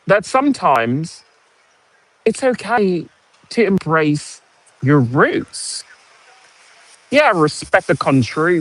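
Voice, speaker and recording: A man in his forties from the United States speaks with a posh British accent, his voice on the high side and a bit bright. He's a vlogger telling a sarcastic story in a casual monologue.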